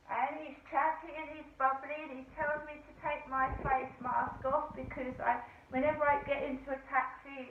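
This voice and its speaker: A woman's voice: high-pitched, slight background noise. A middle-aged woman tells a rambling story with asides in a casual vlog at home. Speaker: vlogger. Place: home flat. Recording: echoey phone-like audio from far off.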